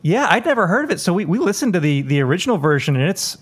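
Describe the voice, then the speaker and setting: Eager man interviewer, slightly high voice. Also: very animated, quick pace, breathy edge. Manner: enthusiastic, many fillers like "like" and "um". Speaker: podcast interviewer. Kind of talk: casual interview chat.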